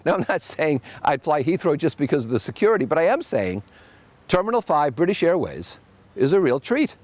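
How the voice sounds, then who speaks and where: A man hosting a solo podcast, telling wry anecdotes with animated asides. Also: fairly high pitch, brisk, no echo. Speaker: podcast host.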